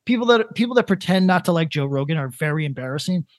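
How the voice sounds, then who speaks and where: A man in his thirties co-hosting a casual comedic podcast, rambling in a deadpan way with lots of restarts. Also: on the high side, fast, no echo. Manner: rambling, deadpan, building to a prank. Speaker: podcast co-host.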